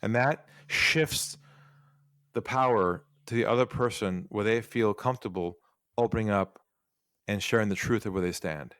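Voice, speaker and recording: A sales trainer appears as a podcast guest, telling stories in an interview and animatedly acting out bits of dialogue. His voice is fairly low and clean, at a normal speed, recorded in studio quality with no echo.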